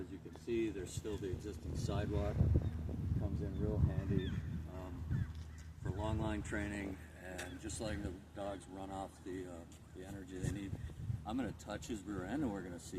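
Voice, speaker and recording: A man's voice: low-pitched, little pitch movement, normal speed. A man working as a dog trainer, casually explaining his methods to a dog owner outdoors, with plenty of fillers, recorded on a camera held a few steps away. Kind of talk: instructing a dog owner on the spot. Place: outdoors on an empty lot. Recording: distant camera mic with loud background noise.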